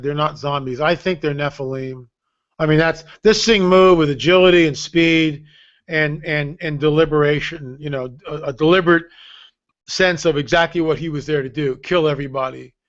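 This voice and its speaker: A man's voice: a little high, normal speed, a bit bright. An older man telling a story with drama, acting out the dialogue and joking sarcastically. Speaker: guest author. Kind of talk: animated storytelling. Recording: dull lo-fi stream audio.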